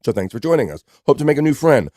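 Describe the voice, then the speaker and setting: A man's voice: medium pitch, big pitch swings, fast, mellow, no echo. Dry close-miked man hosting a live chat. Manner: reads out chat messages and greets viewers by name. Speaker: live show host. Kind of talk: casual live-stream chat reading viewer comments.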